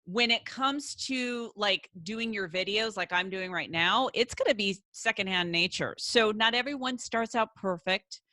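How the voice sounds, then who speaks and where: A middle-aged woman coaching viewers to camera, energetic and encouraging, repeating points for emphasis, recorded on her computer. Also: mid-range voice, a little slow, few pauses, dry recording. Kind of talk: direct-to-camera coaching talk.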